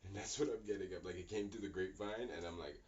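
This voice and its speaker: A man doing a casual spiritual card reading. He talks in a rambling, animated way and keeps asking "right?". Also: deep voice, fast, highs cut off, a little hiss or hum. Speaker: tarot card reader.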